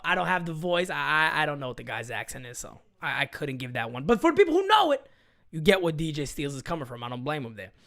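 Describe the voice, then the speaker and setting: Excitable man hosting a sports live chat. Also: sits high, smooth. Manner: excitable, rambling, blunt, reads viewer comments aloud. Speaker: live-stream sports show host.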